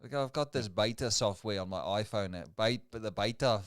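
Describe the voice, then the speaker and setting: A man's voice: lowish voice, fairly quick, smooth, no room sound, studio quality. A man with a South African accent co-hosting a casual livestream chat, rambling with stammered restarts. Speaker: co-host. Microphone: video call.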